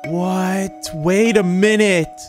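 A man hosting a let's play video, reacting with lots of excited exclamations. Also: high voice, extremely slow, over music. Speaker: gaming video host.

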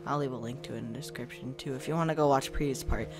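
A gaming video host giving casual let's-play commentary into a desk microphone at a home setup, chatting to viewers and reacting out loud to jump scares. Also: medium pitch, fast, creaky, music in the background. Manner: talks to the viewers and to himself while playing.

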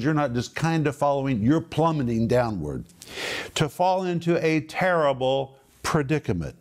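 A middle-aged man giving a television Bible teaching, emphatic, repeating phrases for stress and slowing down on key words. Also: medium pitch, a little mellow.

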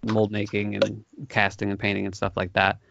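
Gravelly low-voiced male co-host. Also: completely flat delivery, moderate pace, a bit bright, a little hiss or hum. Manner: hesitant, filler-heavy. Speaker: podcast co-host. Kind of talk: casual podcast chat. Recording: dull dry lo-fi sound.

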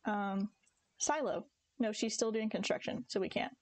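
A woman's voice: medium pitch, moderate pace, no room sound. A young woman streaming a farming game, chatting casually and giggly with her viewers and her cats. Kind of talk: casual live-stream chat.

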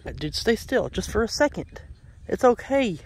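A man's voice: high voice, sing-song, normal speed, husky. A man vlogging outdoors on his homestead, chatting with his animals and scolding and coaxing them by name. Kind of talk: casual vlog talking to farm animals. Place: outdoors on a farm.

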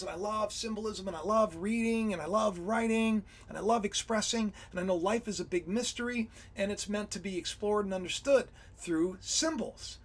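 Excitable high-voiced husky man. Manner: rambling and excitable, often breaks off mid-sentence. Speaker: livestream host. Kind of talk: casual livestream talk on Bible symbolism.

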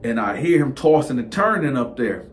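A man hosting a casual storytime, acting out every part with animated delivery and constant filler words. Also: medium pitch, normal speed, a little hiss or hum. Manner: animated, acts out all parts, repetitive filler 'man'. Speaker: storyteller, channel host.

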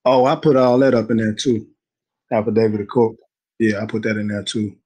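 A man's voice: lowish voice, little pitch movement, brisk, dark tone, poor audio. A young man telling a story in a casual interview, slangy and rambling, laughing easily. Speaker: guest telling his story.

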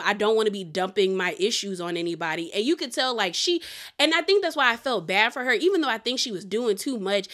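A young woman with a mid-range voice recaps a reality show episode in a chatty, animated way, peppering her talk with "like" and "girl".

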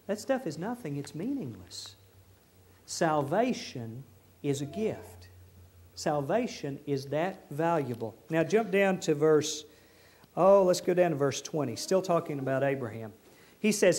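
A man preaching a folksy, animated sermon in a church, acting out the people he quotes. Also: fairly high pitch, measured pace.

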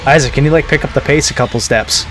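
A man's voice: mid-range voice, fast, fairly bright tone, slight background noise. A man commentating on his own gameplay in a casual let's-play, joking and exclaiming at scares. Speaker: gaming video host.

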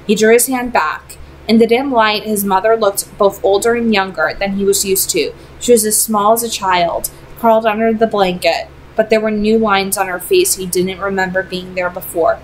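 A woman reading a novel aloud in measured narration that slows on emotional passages. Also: medium pitch, steady tone, a little hiss or hum, poor audio.

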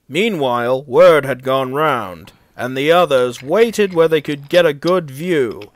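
A man reading a children's railway story aloud in an expressive, unhurried way. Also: medium pitch, dry recording, clean studio sound. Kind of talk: storybook read-aloud narration.

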